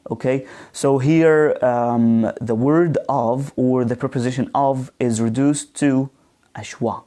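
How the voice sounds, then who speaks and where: A man is teaching pronunciation live online, his mellow mid-range voice keeping a fairly even intonation. He goes slowly and hesitantly, using many fillers while he models words and questions the class.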